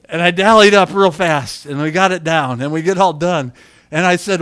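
A man preaching a sermon as a story, chatty and repetitive, breaking into loud acted shouts. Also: fairly high pitch, normal speed, clear, resonant tone. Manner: animated storyteller who shouts quoted lines; conversational, repeats himself.

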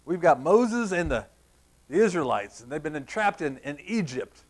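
A man's voice: on the high side, moderate pace. A man, preaching a sermon and telling a personal story, tearing up at times. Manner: storytelling, animated, emotional. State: tearful. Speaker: pastor.

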